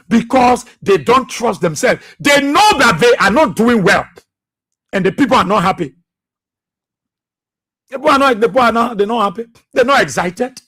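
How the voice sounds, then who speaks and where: High-voiced husky Liberian radio host, bright and fiery, preacher-like repeats. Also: male voice. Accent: Liberian English. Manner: fiery, repetitive, preacher-like delivery. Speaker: radio talk show host. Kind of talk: impassioned political commentary.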